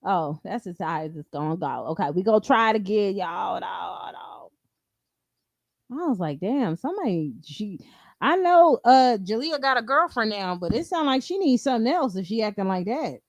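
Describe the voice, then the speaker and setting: A woman's voice: medium pitch, expressive, moderate pace, no room sound. A woman hosting a stream, giving blunt, profane gossip commentary on a clip and mimicking the people in it. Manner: mimics the clip in quoted voices. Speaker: stream host. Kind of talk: casual reaction commentary.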